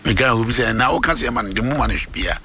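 A Ghanaian man hosts a morning radio prayer segment, his voice gravelly and bright. He leads with a fervent, preacher-like delivery and moves between Twi and English, with a faint hiss underneath. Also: mid-range voice, racing. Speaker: radio host.

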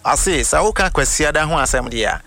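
A man with a Ghanaian accent preaching, reading quoted passages slowly and deliberately before explaining them. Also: a little high, bright, forceful tone, no room sound. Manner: reads quotations slowly and deliberately, then explains. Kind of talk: sermon teaching with quoted readings.

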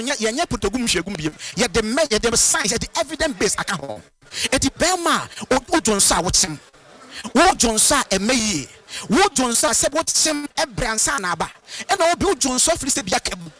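A man, a guest on a radio health talk who explains herbal medicine in an animated, lecturing, sing-song way. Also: very high voice, fairly quick.

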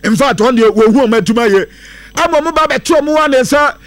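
A man talks through football news with a sing-song lilt. His voice sits very high. The sound is dry and close, with no room around it. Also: fast talker, no room sound. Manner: lively, mixes English into Akan, sing-song lilts and bursts of laughter. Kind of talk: casual football news chat.

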